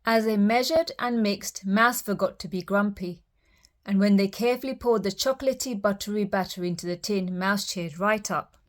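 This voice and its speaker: A woman's voice: mid-range voice, normal speed. Woman reading a children's bedtime story.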